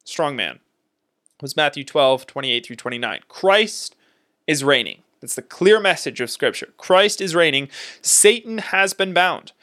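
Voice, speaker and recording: A man co-hosting a casual theological discussion podcast, talking in an emphatic, animated way and laughing often. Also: on the high side, measured pace. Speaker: podcast co-host.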